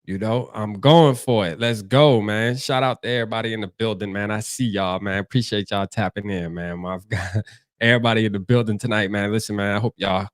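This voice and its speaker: A young man with a Charleston, South Carolina accent hosts a casual livestream, talking in a loose, slangy and repetitive way. He reads chat comments aloud as he goes. His voice is close and dry, with a middle pitch for a man. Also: steady tone, brisk, dry recording. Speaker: livestream host.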